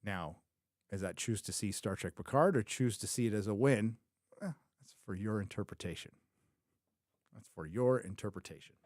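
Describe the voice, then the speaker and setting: Lowish and a bit dark in tone, this man's voice moves at a moderate pace with frequent pauses, captured in studio quality with no room sound. He hosts a casual livestream reviewing a TV series, opinionated and rambling, thinking aloud, correcting himself often, and repeating phrases for emphasis.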